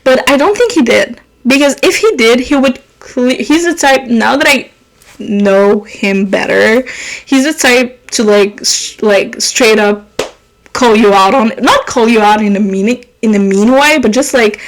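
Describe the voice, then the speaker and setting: A young woman hosting her own podcast, whose first language is French, telling rambling, animated stories full of swearing and laughter. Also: a little high, measured pace, slight background noise, low-quality recording. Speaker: podcast host. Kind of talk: casual storytelling monologue.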